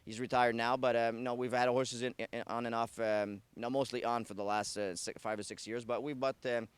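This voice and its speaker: A man's voice: mid-range voice, level tone, a little fast, clear, resonant tone, dry recording. A man with a French-Canadian accent, a racing driver telling stories in a casual interview, rambling and correcting himself. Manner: rambling, self-correcting, many fillers. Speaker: harness racing driver, guest.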